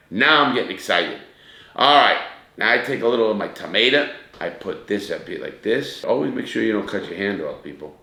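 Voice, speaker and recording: A man's voice: on the low side, lively intonation, brisk, vocal fry, sharp tone, a little hiss or hum. Chatty man hosting a cooking demo. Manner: chatty, talks straight to viewers as "people" and "guys". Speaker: cooking show host. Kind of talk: casual cooking demonstration. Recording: echoey room.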